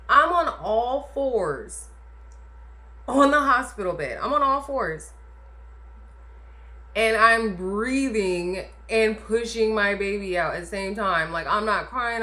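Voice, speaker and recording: A woman's voice: medium pitch, pushed and bright. A woman casually telling a personal story to camera, chatty and emphatic, often adding "like" and "okay?". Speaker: vlogger telling her birth story.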